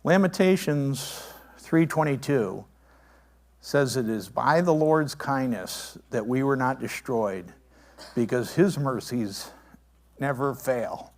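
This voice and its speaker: A man preaching a sermon in an animated way, with incredulous asides and stammering restarts. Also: mid-range voice, slow pace. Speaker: pastor.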